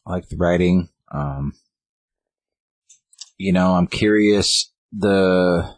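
A man with a very low, husky voice talks through a story in a loose, rambling way, slipping into the lines of each character. The recording is dry and close, with no room sound. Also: no room sound. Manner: rambling, acts out quotes with "he's like". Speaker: podcast co-host. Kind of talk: casual chat retelling a comic.

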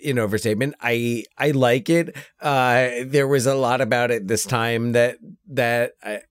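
A man's voice: mid-range voice, unhurried, clean tone, dry recording. A man co-hosting a casual movie review podcast, joking around and stammering through his thoughts. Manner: jokey, stammering, animated. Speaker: podcast co-host.

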